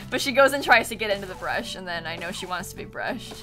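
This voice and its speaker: Expressive and bright, with a forceful tone, a medium pitch and a normal speed, a young woman chats with her viewers during a game stream while music plays behind her. The live-stream talk is casual and giggly, and she addresses her cat in a sing-song voice.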